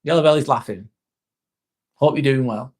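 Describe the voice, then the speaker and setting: A man's voice: mid-range voice, moderate pace, slightly rough. A young man hosting a casual livestream, reading viewers' comments aloud and answering them in a chatty, reassuring way. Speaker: livestream host. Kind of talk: casual live-stream chat reading comments.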